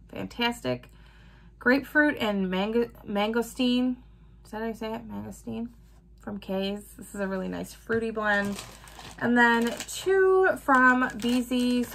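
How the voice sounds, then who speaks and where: A woman's voice: medium pitch, creaky, fairly bright tone, a little hiss or hum. Woman, casual vlog chat, laughs often, lists scent notes, middle-aged. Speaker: wax melt vlogger.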